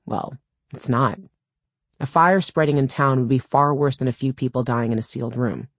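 A woman's voice: extremely low pitch, no echo. A woman reading a first-person audiobook in a wry, dry storytelling manner, close to a studio mic. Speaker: audiobook narrator.

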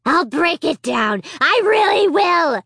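A woman voicing an evil, bossy male ventriloquist dummy who squeals and screams his commands and threats in a shrill voice. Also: very animated, takes it slowly, gravelly, sharp tone, no echo, studio quality, exaggerated voice. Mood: furious.

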